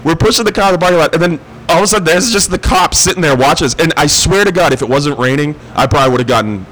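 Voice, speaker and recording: A man's voice: on the high side, racing, a bit bright, rough recording. A man, telling a rowdy story in casual chat, laughing often and swearing freely. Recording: faint background noise.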